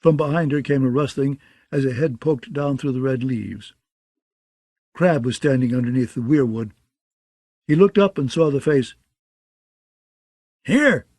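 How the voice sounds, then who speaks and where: Speaking at a medium pitch, this man narrates a scripted audiobook steadily and with measured delivery. The recording is studio quality, with no room sound.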